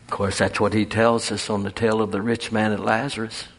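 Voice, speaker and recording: A man preaching a folksy, animated sermon full of storytelling and chuckles. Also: lowish voice, a little fast, husky.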